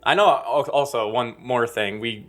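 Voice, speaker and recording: A young man co-hosting a podcast in casual chat, giggly and animated. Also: mid-range voice, measured pace, soft background music. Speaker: podcast co-host.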